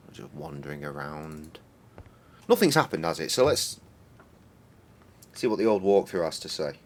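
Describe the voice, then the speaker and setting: A man in his thirties streams a game, rambling and joking with lots of swearing. His voice sits low and is expressive, at a moderate pace with long pauses.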